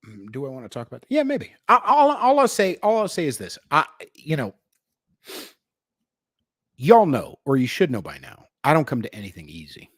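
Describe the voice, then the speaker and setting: Brash young male livestream host, profane and slangy, bursts loud then drops low, very animated delivery. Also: normal speed, no room sound, clean studio sound. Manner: jumps between shouting and low asides. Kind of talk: unscripted livestream rant.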